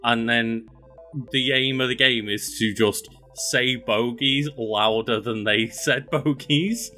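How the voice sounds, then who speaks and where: A man's voice: medium pitch, slow, sharp tone, faint music behind. A man co-hosting a casual chat show, explaining things with dry asides and easy laughs. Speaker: podcast co-host.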